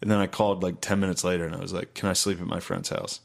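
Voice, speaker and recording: A man's voice: low-pitched, fairly even intonation, fast, creaky. A young man casually telling stories, laughing often and swearing freely. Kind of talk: casual storytelling chat.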